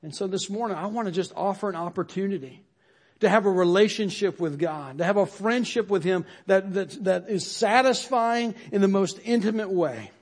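A man with a fairly high voice delivers a sermon to his congregation. He speaks earnestly, repeats phrases for emphasis, and lets his voice sink at the close of each line. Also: normal speed. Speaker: pastor.

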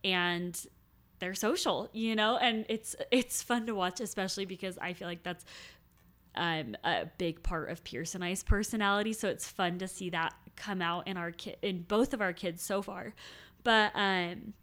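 A woman's voice: medium pitch, moderate pace, fairly bright tone. A woman in her thirties co-hosting a podcast. She talks in a reflective, affirming way in easygoing conversation. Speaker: podcast co-host. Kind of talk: casual chat.

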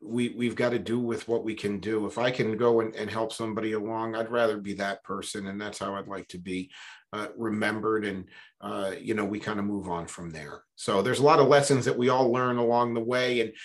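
Low-voiced man telling stories. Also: a little fast. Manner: relaxed, reflective, fillers like "you know". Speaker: interview guest, business coach. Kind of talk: conversational storytelling.

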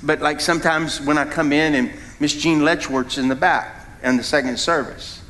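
A middle-aged man preaching a sermon as a founding pastor. He preaches with an animated delivery, jumps suddenly in pitch and volume, and asks the congregation questions. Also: normal speed.

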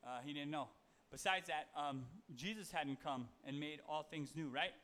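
Guy preaching a laid-back podcast sermon, kinda high voice, lots of ums. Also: normal speed, a bit bright. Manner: loose and conversational, with fillers and self-corrections. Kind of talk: casual sermon.

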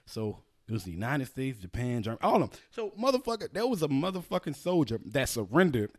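A man hosting a casual podcast with a lively, swinging pitch. He tells stories loudly and swears freely, with animated, excitable energy. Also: fast talker. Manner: profane, loud, animated storytelling. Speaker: podcast host.

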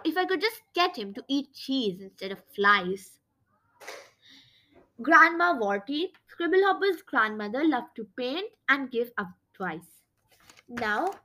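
A woman reads a children's storybook aloud in an animated, dramatic way. Her voice is high and bright, and her pitch swings widely from line to line. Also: rough recording. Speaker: storybook reader. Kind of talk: expressive children's book narration.

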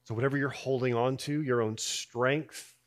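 A man giving a sermon as pastor, in a conversational way, dropping soft on key lines and rising when he voices people's doubts. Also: mid-range voice, steady tone, normal speed.

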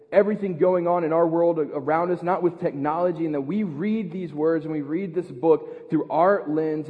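An American man preaching a sermon as pastor, earnest, repeating words and building to loud emphasis. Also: fairly high pitch, long reverb tail, narrow, tinny audio. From United States. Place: church.

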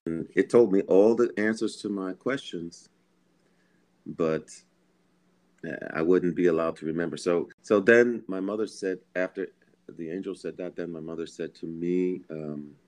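A man from Philadelphia, a guest musician, telling a personal story in a podcast interview from home, earnest and animated, chuckling and repeating words. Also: low voice, normal speed. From Philadelphia, USA.

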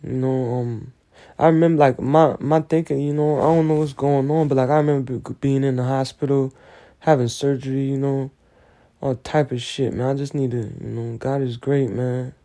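A man's voice: mid-range voice, steady tone, normal speed, warm tone. A man, rambling through an emotional, slangy solo monologue on the verge of tears. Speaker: solo show host. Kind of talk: personal confessional monologue.

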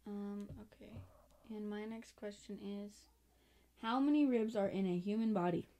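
A woman's voice: mid-range voice, fairly even intonation, normal speed, warm tone. A woman with a mid-range voice asks her friends trivia questions in a casual chat. Her remarks come out dry and wry.

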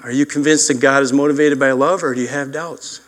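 A man's voice: medium pitch, steady tone, a little fast. Older male pastor, story-driven sermon, plays the voices in his anecdotes. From upstate New York. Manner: storytelling, acts out voices in quotes.

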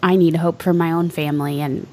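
A woman's voice: deep voice, steady tone, fairly quick, darkish tone, slight background noise. A woman interviewing her guest, responding encouragingly and asking follow-up questions. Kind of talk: conversational interview.

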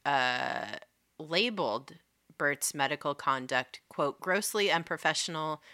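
A woman's voice: sits low, expressive, a little slow, pushed and bright. A woman co-hosting a casual true-crime podcast, recounting facts and swearing freely. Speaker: podcast co-host.

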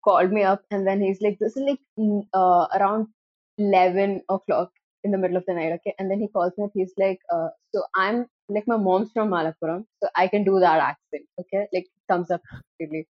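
A young woman co-hosting a casual podcast, telling an animated story and laughing while quoting herself. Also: medium pitch, fairly quick, dry recording, highs cut off. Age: young adult. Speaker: podcast co-host.

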